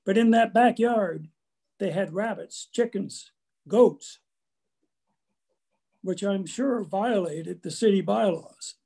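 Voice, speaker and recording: Older man giving a measured lecture. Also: high-pitched, vocal fry, dark tone, husky. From Canada. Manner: measured, slow storytelling with small restarts. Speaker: guest lecturer. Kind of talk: prepared lecture with anecdotes.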